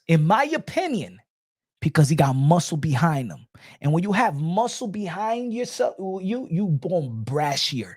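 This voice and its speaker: A man hosting casual livestream boxing commentary, talking in an animated and emphatic way. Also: on the high side, unhurried, no room sound, studio quality.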